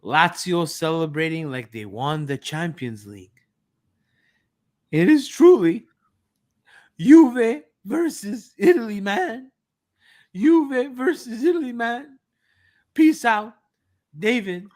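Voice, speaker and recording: A man puts on an overwrought football supporter, heated and aggrieved. The voice is pitched a little higher than a normal speaking voice and rants in exasperated bursts. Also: animated, takes it slowly, pauses often, darkish tone. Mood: indignant. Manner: ranting, exasperated. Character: heated, self-pitying male Juventus fan.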